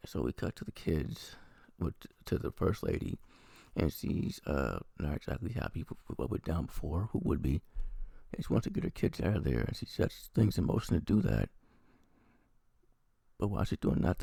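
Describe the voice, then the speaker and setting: Guy with a super deep gravelly voice rambling thru a tv recap, swears a lot, lively up and down delivery. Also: no room sound, studio quality. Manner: rambling, profane plot recap. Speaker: TV review vlogger. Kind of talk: casual episode review.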